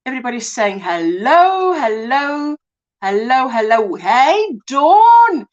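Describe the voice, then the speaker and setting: Lively high-voiced South African woman host. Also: slow, dull audio. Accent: South African English. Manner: warm, greets viewers by name, says "hey?" and "my sweetheart". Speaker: crochet livestream host. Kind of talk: casual live chat reading comments.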